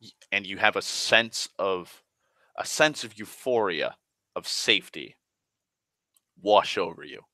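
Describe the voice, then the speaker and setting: A man rambling through a tabletop game story, slow and low-pitched, with a bright edge to his voice. He stumbles over restarts and swears casually. The sound is close and dry. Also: expressive, no echo. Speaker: player.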